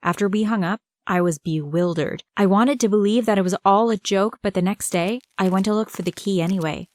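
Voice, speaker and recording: A woman narrating an animated first-person story, in a conversational tone that speaks straight to the viewer. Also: mid-range voice, fairly quick.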